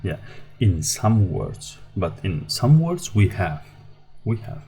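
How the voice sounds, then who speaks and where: A man teaching a language lesson, explaining rules in a slow, halting way with many fillers. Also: deep voice, sing-song, dark tone, faint music behind.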